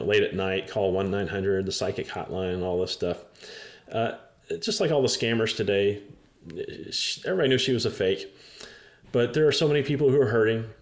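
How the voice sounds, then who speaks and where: A man preaching a sermon, telling a scripture story in an animated way with chuckles and frequent fillers. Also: medium pitch. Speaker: pastor.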